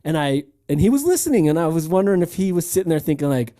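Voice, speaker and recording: A man's voice: fairly high pitch, very animated, fast, mellow. A man co-hosting a casual podcast chat, rambling with frequent laughs and restarts. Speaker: podcast co-host.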